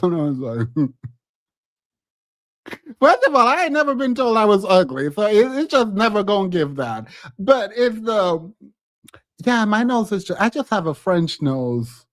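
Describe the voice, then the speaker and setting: A man's voice: high voice, big pitch swings, measured pace, long pauses, no echo, studio quality. A man hosting a live stream, telling a story in a casual chat and laughing often. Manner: laughs often, talks animatedly.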